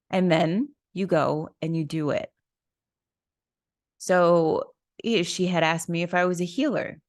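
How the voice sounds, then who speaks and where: A woman with a low voice tells a personal story in a slow, unhurried way. She is candid and casual, speaking frankly as a podcast host. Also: a little mellow, dry recording, clean studio sound. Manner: candid, casual, swears and laughs.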